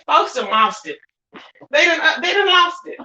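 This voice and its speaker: A woman's voice: very high voice, big pitch swings, moderate pace, muffled recording, background noise. A woman hosting a livestream, delivering a blunt, scolding rant full of curses and repeated phrases, breaking off now and then to greet her viewers. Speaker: livestream commentary host. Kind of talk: ranting livestream commentary.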